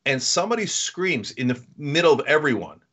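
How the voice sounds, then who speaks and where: A man's voice: fairly high pitch, fairly quick. A man co-hosting a podcast, chatting casually and telling a comic story, acting out the other people's lines. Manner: animated storytelling with acted-out quotes. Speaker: podcast co-host. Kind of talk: casual comedic chat.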